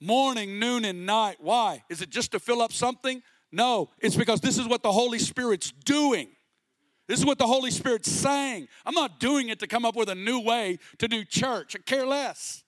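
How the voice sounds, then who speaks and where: A middle-aged man preaching a sermon with passion, sometimes rising to a shout. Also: extremely high pitch, moderate pace, no echo. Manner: impassioned, rising to shouts at peaks.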